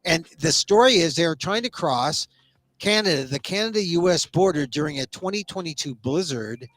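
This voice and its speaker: Animated older man, lively pitch. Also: normal speed, no echo. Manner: animated, playful with wordplay. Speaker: talk show host. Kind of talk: casual conversation.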